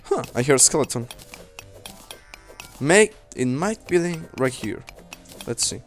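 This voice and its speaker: Young male let's-player, rambling and profane, slow delivery over light background music. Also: mid-range voice, expressive. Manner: rambling, swears at enemies, talks to himself. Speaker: let's play host. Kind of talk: casual gameplay commentary. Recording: faint game music behind.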